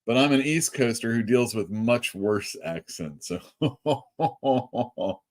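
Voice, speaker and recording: A man's voice: medium pitch, takes it slowly, darkish tone. A man from California hosting a casual live stream for his comic shop, chatting loosely and reading out viewer comments. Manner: chatty, reads out chat comments, laughs often.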